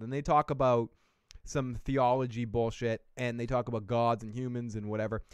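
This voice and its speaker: A man's voice: mid-range voice, steady tone, moderate pace, clean tone, no room sound, studio quality. A man hosting a live TV episode recap, talking in a rambling, jokey, profane way. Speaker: TV recap host. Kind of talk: casual live-stream recap.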